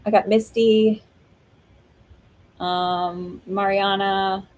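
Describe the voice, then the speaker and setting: A woman's voice: mid-range voice, little pitch movement, drawn-out words, darkish tone, low-quality recording. A woman hosting a live stream of oracle card readings, talking in a chatty, rambling way with lots of fillers and laughs. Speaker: psychic medium host.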